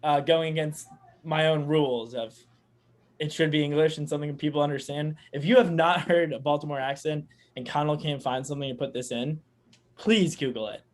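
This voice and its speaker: A man co-hosting a podcast in relaxed casual chat, laughing easily. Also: on the high side, a little fast. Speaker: podcast co-host.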